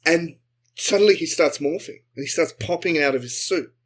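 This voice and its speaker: A man co-hosting a comedy podcast, improvising a sci-fi story and jumping into quick character voices. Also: fairly high pitch. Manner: animated, acts out characters in quick bursts. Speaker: podcast co-host.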